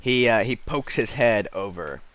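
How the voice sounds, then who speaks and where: A man running a tabletop game as game master, correcting players quickly with lots of fillers, on a dull lo-fi recording. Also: fairly low pitch, lively intonation, fairly bright tone, no echo.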